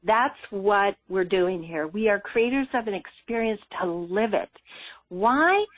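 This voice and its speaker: A woman's voice: medium pitch, unhurried, dry recording. Guest, woman, spiritual coach, chatty storyteller who laughs a lot, heard over a thin phone line. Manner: laughs often, lively and earnest. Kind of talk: conversational storytelling.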